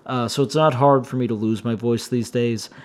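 A man hosting a solo podcast, his voice slightly hoarse and shaky, rambling and wryly complaining as he talks. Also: mid-range voice, fairly even intonation, moderate pace, darkish tone. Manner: meandering, self-interrupting, wry complaints. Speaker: podcast host.

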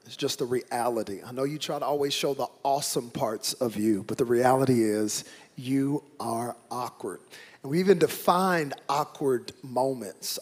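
A man preaching a sermon, joking and calling out to the congregation for responses. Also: medium pitch. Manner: lively preaching with humor and call-and-response. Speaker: pastor.

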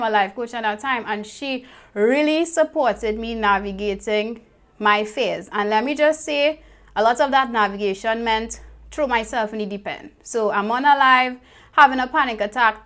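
A woman's voice: fairly high pitch, a bit bright. A young adult woman, a life coach, telling her personal story in an earnest, reflective way, repeating phrases for emphasis.

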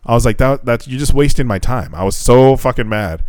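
With medium pitch and a fairly quick delivery, a young podcast co-host is heard in a dry recording. He swears freely while animatedly retelling a dating story, quoting the lines exchanged.

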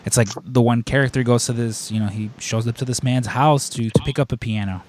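Male host, rambling casual storyteller, filler-heavy, mid pitch. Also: a little fast, a little hiss or hum. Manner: animated storyteller. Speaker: podcast host. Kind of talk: casual chat.

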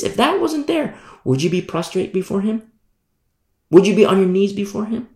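A male preacher with a gravelly voice gives an emphatic sermon, swinging his pitch up and down. His words echo around a roomy hall. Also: moderate pace. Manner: emphatic, animated, repeats scripture.

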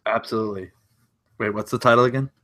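A man's voice: lowish voice, fairly even intonation, quick pace, pushed and bright, dry recording. A man co-hosting a casual podcast over a video call, making wry, meandering asides. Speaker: podcast co-host.

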